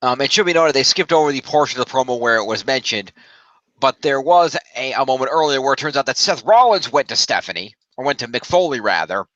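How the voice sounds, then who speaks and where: A man hosting a casual podcast, recapping wrestling and tallying fantasy points out loud in a laid-back way. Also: medium pitch, no echo, dull audio. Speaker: podcast host.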